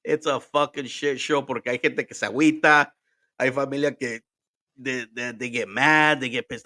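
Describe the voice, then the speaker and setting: A man with a Mexican accent tells family stories in a loose, profane podcast chat. His voice is bright and forward, and he slips between English and Spanish mid-sentence with frequent laughs. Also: medium pitch, expressive, fairly quick, no echo, clean studio sound. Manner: swears freely, switches between English and Spanish, laughs often. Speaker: podcast host. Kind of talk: casual storytelling chat.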